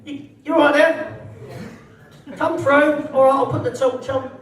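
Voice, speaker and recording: A man's voice: very high voice, steady tone, unhurried, very echoey, far from the mic. A man performing a live stand-up set in a social club, brash, sweary and mocking. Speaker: stand-up comedian. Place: social club comedy night, indoors.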